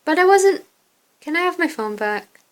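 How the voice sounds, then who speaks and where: A sweet, heartbroken young college guy speaks in an earnest, soft voice, read by a woman. The voice sits fairly high. This is a fan reading of a story game. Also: lively intonation, fairly quick. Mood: protesting.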